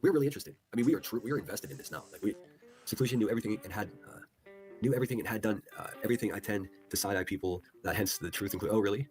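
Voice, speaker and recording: Fast-talking profane male streamer. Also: on the low side, darkish tone, soft background music. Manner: profane, incredulous, reads chat posts aloud. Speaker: livestream host. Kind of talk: casual livestream commentary.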